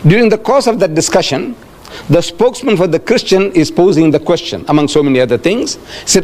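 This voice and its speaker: A man's voice: high-pitched, lively intonation, brisk, a little mellow. An older man with a South African accent giving a public religious lecture, emphatic and repetitive, acting out quoted speech. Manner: emphatic, repeats phrases, acts out quoted speech. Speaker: Islamic lecturer.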